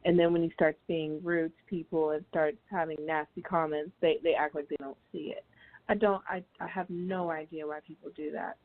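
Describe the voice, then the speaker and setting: A woman's voice: sits low, little pitch movement, normal speed. A young woman on a call-in show, talking earnestly with frequent hesitant restarts. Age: young adult. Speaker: guest. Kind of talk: casual call-in chat. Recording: tinny phone line.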